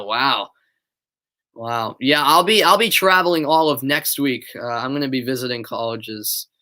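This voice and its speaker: A bright, forward-toned young man in his late teens, with a light Boston accent, calls a soccer match live for his online stream. He switches between lively play-by-play of the action and loose, hesitant chat with viewers, full of ums and friendly asides. His pitch sits mid-range for a man. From Boston area, USA. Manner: chatty, answers viewers' chat between plays; animated calling of play, relaxed and hesitant in chat. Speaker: amateur play-by-play commentator.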